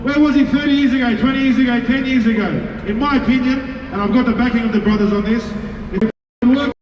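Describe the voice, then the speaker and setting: A man's voice: very high-pitched, fairly even intonation, quick pace. A man speaking to an outdoor city rally, wry and defiant, with jokes and asides. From Australia. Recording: echoey, far-off, dull outdoor audio with crowd and noise.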